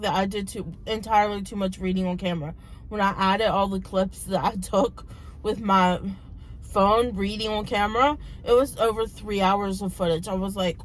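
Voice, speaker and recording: Woman in her thirties, slightly hoarse, casual book vlog, rambling retelling, middle-pitched voice. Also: steady tone, unhurried, long pauses, a little hiss or hum, rough recording. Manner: rambling plot retelling full of "like" and "um". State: losing her voice, a little hoarse. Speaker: book vlogger.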